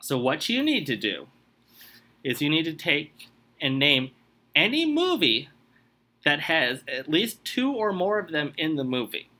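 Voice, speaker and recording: Lively, bright-voiced man on a quiz podcast. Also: on the high side, measured pace. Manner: animated, exasperated outbursts. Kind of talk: comedy podcast quiz game.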